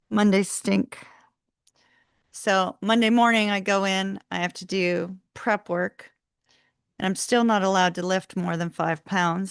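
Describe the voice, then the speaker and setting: Hosting a live tarot stream from a warm room at home, a woman chats casually with her viewers, laughing often, sounding sleepy, and yawning. Her voice is medium-pitched and creaky, and the recording is dry with clean studio quality.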